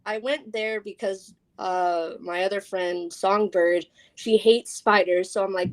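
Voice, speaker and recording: A woman's voice: lowish voice, moderate pace, few pauses. A young woman chats on a podcast as a guest, telling her stories with lots of energy. She laughs often and jumps into voices as she acts out the quotes. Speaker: guest scare actor. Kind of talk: casual podcast storytelling.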